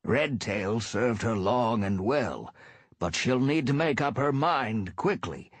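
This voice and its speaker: A man voicing an impatient, gossipy old tom cat elder, pitched a little above his own voice. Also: animated, takes it slowly, no room sound. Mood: testy. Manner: testy and gossipy.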